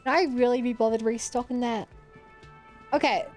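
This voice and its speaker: Woman streamer, slightly high voice, chatty gameplay commentary. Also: fairly even intonation, moderate pace, soft background music. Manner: chatty, thinking aloud.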